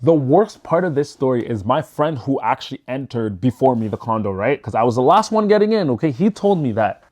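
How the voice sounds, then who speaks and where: A young man telling a story in a casual vlog, animated and loose, swearing freely and acting out what people said. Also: mid-range voice, brisk. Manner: loose and profane.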